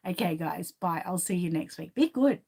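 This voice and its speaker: A woman's voice: lowish voice, gravelly, a little mellow, slightly rough. Chatty Australian woman hosting a live stream. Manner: chatty and rambling, reads out viewer comments. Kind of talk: casual live stream chat.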